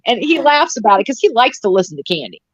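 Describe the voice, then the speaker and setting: A woman's voice: on the high side, very animated, fast, no room sound. A middle-aged woman in casual live-stream chat, rambling and sarcastic with many restarts. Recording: dull, dry lo-fi stream audio.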